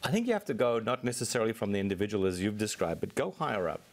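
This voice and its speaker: A man's voice: fairly low pitch, sing-song, rapid-fire. Fluent male tech executive explaining. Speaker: Microsoft technology executive, guest. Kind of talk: interview answers.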